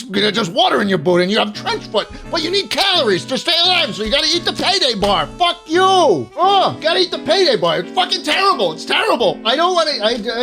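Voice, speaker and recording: A man hosting comedic candy-ranking commentary from his home setup, crude and sarcastic, swearing freely with mock-outraged deadpan jokes. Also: very high-pitched. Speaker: host.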